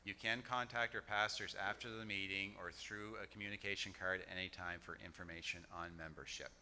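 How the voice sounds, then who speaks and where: A man chairing a church business meeting, speaking haltingly with many fillers and restarts. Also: deep voice, fairly even intonation, pushed and bright, slight background noise.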